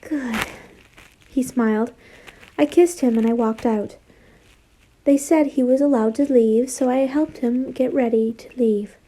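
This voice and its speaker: A woman's voice: a little high, steady tone, measured pace, warm tone, low-quality recording. A young woman reading fanfiction aloud, wandering into rambling, self-deprecating asides and apologies. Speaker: fanfiction reader.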